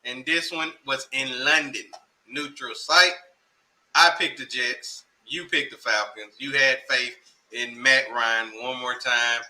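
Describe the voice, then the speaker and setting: Male co-host, casual slangy football chat, very bright edgy tone. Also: mid-range voice, fairly even intonation, slow, low-quality recording. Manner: laid-back, slangy, reads stats.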